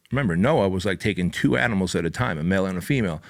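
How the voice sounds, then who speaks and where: A middle-aged man hosting his own show, giving an intense, profane motivational monologue that builds to loud peaks. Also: low voice, expressive, rapid-fire. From Armenia. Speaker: podcast host.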